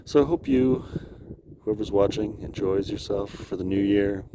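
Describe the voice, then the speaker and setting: A man rambling to his camera outdoors on a cold high lookout, laughing often and talking to himself. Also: fairly even intonation, moderate pace, noisy background. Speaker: vlogger. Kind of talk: casual rambling vlog.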